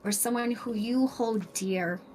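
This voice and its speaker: A woman playing a tabletop game, explaining things to the group slowly and deliberately. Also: a little high, a little mellow, a little hiss or hum. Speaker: player. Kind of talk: casual chat at a game table.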